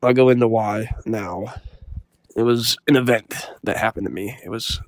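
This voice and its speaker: Young man, deadpan comic storytelling, rambling and self-serious, dry close sound. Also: fairly low pitch, normal speed, dry recording. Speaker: comedy storyteller. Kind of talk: deadpan comedic story monologue.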